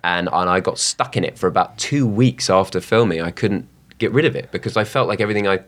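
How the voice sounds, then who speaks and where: A man's voice: low-pitched, fast. A man, an actor, chatting casually as a guest, often restarting his sentences. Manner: hesitant, lots of restarts. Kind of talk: casual chat.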